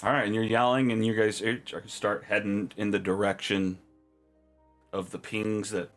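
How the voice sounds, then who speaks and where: A man narrating a tabletop game as game master, relaxed and quick to laugh. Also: fairly low pitch, soft background music.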